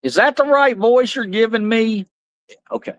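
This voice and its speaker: A man's voice: very high-pitched, moderate pace, clean tone, dry recording, lo-fi sound. A man hosting a live stream in loose, joking chat, laughing at himself.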